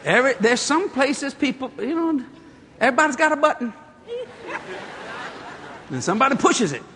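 A man preaching in church, telling a funny story in an animated, playful way and laughing often. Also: very high voice, normal speed. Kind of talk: humorous sermon storytelling.

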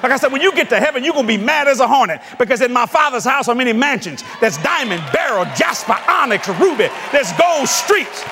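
A male preacher telling a story in a televised sermon, animated and laughing, with bursts of shouting. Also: very high-pitched, brisk, few pauses, noisy background.

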